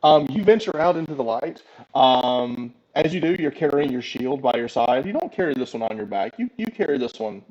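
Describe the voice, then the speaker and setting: A man's voice: mid-range voice, lively intonation, a little fast, darkish tone, muffled recording. A man narrating a tabletop game as game master, with many ums and uhs. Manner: hesitant, filler-heavy narration.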